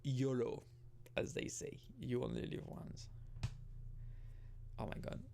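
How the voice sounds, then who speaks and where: A man's voice: mid-range voice, unhurried, vocal fry, a little mellow. A young man giving rambling, casual gameplay commentary, often restarting and swearing casually. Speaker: gaming video host.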